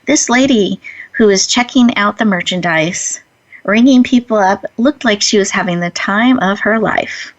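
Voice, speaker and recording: A woman hosting an inspirational talk, telling her story with earnest sincerity and then leading a calm breathing exercise. Her voice sits at an ordinary middle pitch. The recording sounds somewhat dull and lo-fi. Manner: earnest storytelling, gentle slow instructions. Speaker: host.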